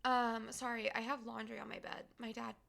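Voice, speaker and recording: Young female streamer, emotional, chatty and giggly; bright, slightly high voice. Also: flat delivery, moderate pace, creaky. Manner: rambling, lots of "like" and "um", giggly. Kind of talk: casual live-stream chat.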